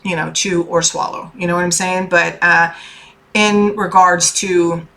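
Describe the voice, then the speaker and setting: A woman's voice: on the low side, flat delivery, unhurried, a bit bright, faint music behind. A woman, a tarot reader and life coach, giving a chatty, earnest motivational talk to her viewers. She keeps checking in with "okay?" and swears casually. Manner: earnest and heartfelt.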